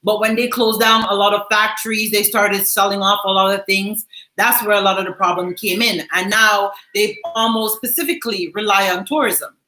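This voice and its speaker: A woman's voice: mid-range voice, fairly even intonation, moderate pace, pushed and bright, roomy sound, poor audio. A Jamaican woman hosting a vlog, chatting casually and laughing as she reads viewer comments, slipping into patois phrases. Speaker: vlog host.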